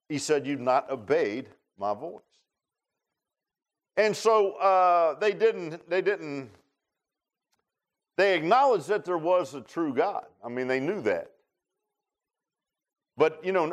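A man preaching a sermon in a folksy, conversational way. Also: a little high. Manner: folksy, conversational preaching with rural Southern grammar.

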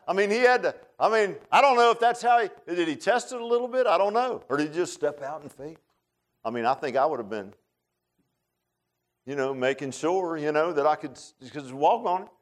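With a voice that runs a little high, a male pastor gives an energetic, relaxed sermon. He keeps repeating words and throws in jokes directed at the congregation.

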